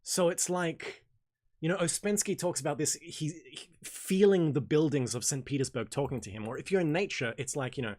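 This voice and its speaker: Male host, loose off-the-cuff delivery, frequent restarts and mild swearing, pitched a little high. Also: fairly quick, darkish tone. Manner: rambling, self-correcting, casual with swearing. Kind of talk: casual Q&A livestream talk.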